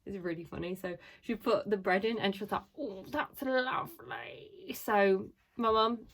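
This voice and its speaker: A woman's voice: medium pitch, moderate pace. Chatty young woman vlogging. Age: 20s. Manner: chatty and bubbly, lots of "like" and "so". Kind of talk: casual vlog chat.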